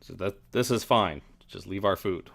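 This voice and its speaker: A big snarling dog-creature pack leader, voiced by a man in a tabletop game. He talks low and blunt in broken sentences. He is possessive and curt about his food. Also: normal speed, creaky, fairly bright tone, heavily acted. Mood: gruff.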